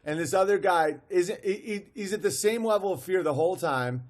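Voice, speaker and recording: A man's voice: high voice, brisk. A man streaming live, commenting on a video with amused disbelief, often restarting his sentences. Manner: amused, incredulous, restarts and laughs.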